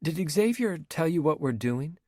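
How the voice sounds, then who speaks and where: A man's voice: on the high side, lively intonation, unhurried, mellow, dry recording, studio quality, pitched above the performer's own voice. A man reading an audiobook, voicing a bold young woman filmmaker who asks direct, eager questions. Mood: curious.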